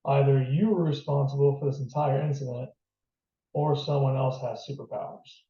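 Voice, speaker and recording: Guy doing a calm firm police captain, distant lo-fi sound. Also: medium pitch, moderate pace, close to an everyday voice. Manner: calm and authoritative. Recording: distant, roomy, dull lo-fi.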